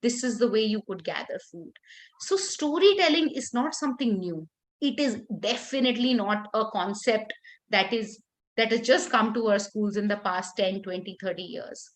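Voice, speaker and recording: A woman leading a workshop for teachers, talking expressively with lively intonation and frequent restarts. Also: medium pitch, moderate pace. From India.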